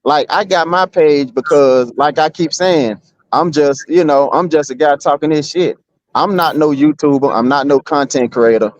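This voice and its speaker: A man's voice: a little high, normal speed, no echo, lo-fi sound. A man in a casual streamed argument, rambling and repeating himself with blunt street talk. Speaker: guest.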